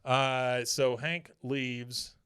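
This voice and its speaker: A man hosting a podcast, casually retelling a cartoon episode and slipping into quick character voices. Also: medium pitch, flat delivery, fairly bright tone, clear, resonant tone. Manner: acts out characters' lines in quick impressions. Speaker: podcast host. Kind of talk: casual chat, recapping an episode.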